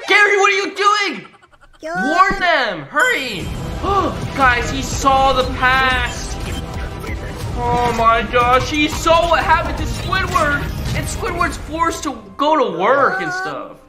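Speaking slowly in a high, animated voice, a woman hosts a reaction video full of gasps and exclamations, repeatedly calling her viewers "guys." Her excitable commentary comes through a roomy recording with music in the background.

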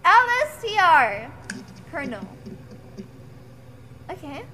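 High, lively woman streamer. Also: takes it slowly, a little hiss or hum. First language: German. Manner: reads game text aloud, chatty, swears freely. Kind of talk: casual gaming livestream chat. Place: home.

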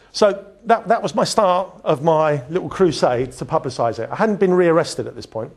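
Man, candid slide talk, a little higher pitched than most, stops and restarts. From England. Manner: candid storytelling, many restarts and filler words, chuckles at himself. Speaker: speaker giving a talk.

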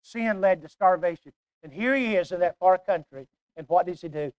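Older man, preacher, sermon, emphatic, hushed-to-loud swings, smooth resonant voice, dry close sound. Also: high-pitched, moderate pace, dry recording.

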